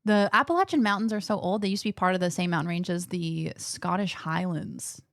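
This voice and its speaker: A young woman streaming a game, chatting with her viewers in quick, casual asides. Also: on the low side, gravelly, dry recording, studio quality. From Australia. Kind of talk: casual chat while gaming.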